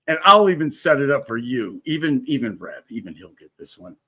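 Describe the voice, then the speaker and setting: A man's voice: medium pitch, brisk, husky. A man hosting a livestream, teasing his guests with crude, profane banter. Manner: profane, teasing, animated storytelling. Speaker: livestream host.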